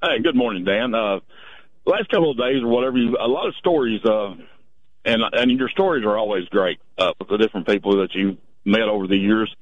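A man's voice: on the low side, a little fast, dry recording. A man calling a radio show, friendly and rambling with many fillers. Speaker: caller. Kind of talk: phone-in chat. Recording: tinny phone line.

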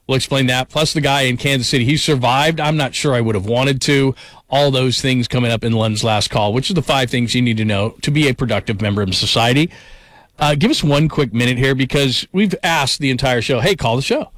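A man hosting a national sports talk show, energetic and quick to heap praise. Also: mid-range voice, no echo. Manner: energetic, enthusiastic, hyperbolic praise.

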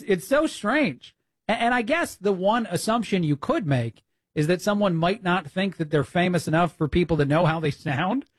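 A man hosts a talk radio show from a dry, close studio mic, his voice sitting a bit high for a man. He rants indignantly with many "uh" fillers and quick restarts. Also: expressive, no echo. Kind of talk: opinionated talk radio monologue.

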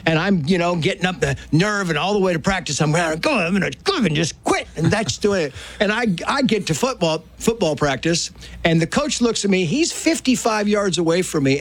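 A man in his sixties with a high voice spins a personal story in casual talk. He acts out the people he quotes and keeps the telling animated. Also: brisk. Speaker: author guest.

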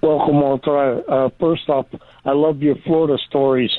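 A male caller on a late-night radio show, talking in a hesitant, rambling way. His voice sits a little high. It comes through a thin, tinny phone line. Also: fairly even intonation, normal speed, no room sound. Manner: hesitant, rambling, many fillers. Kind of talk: rambling call-in chat.

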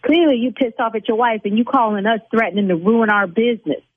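A woman who owns a beauty salon, arguing with a caller over the phone, indignant and blunt and quick to flare up. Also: on the high side, husky, no echo. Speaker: salon owner on a phone call. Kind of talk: heated phone argument. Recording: tinny phone line.

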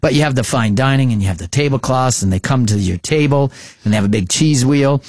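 A man co-hosting a casual chat, telling a scattered, lively story with restarts, in a husky voice. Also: medium pitch, a little fast, dry recording, clean studio sound. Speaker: podcast co-host.

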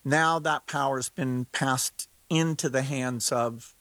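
A man's voice: medium pitch, steady tone, slow, fairly bright tone, dry recording. A man speaking as a guest in an interview, urgent and emphatic, sometimes incredulous. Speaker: guest expert on AI risk. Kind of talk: interview conversation.

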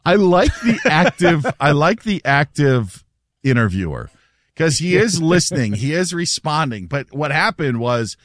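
Animated laughing male radio host. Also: on the high side, measured pace, no echo. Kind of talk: casual radio chat.

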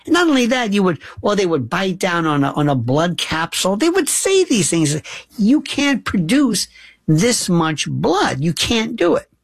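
A man's voice: sits high, sing-song, normal speed, breathy edge, dry recording. A man hosting a talk show, delivering a rambling, emphatic monologue with frequent restarts. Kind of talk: casual monologue.

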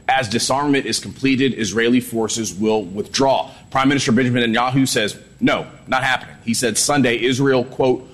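A male Washington correspondent giving a live news report in a measured, steady way. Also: medium pitch. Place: outdoors at the White House.

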